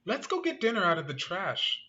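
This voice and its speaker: A kindly male raccoon, voiced by a man reading a picture book who explains things gently and patiently. His voice is bright and lively. The recording is dull and lo-fi. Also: sits high, moderate pace, pitched above the performer's own voice, heavily acted. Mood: explaining.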